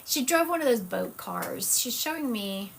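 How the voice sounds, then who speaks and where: A woman's voice: on the high side, lively intonation, moderate pace, gravelly, slight background noise. A woman with a Southern US accent, a psychic medium chatting casually and rambling on a live stream. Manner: chatty, rambling, self-correcting.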